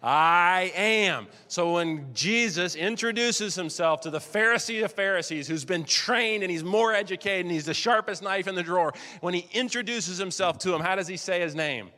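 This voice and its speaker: A male pastor delivers a sermon, and his voice is bright and slightly higher than most men's. He reads scripture dramatically and stretches out the words he wants to land. A long reverb trails behind him, like a large hall. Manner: preaches with dramatic read-aloud quotes and slowed emphasis.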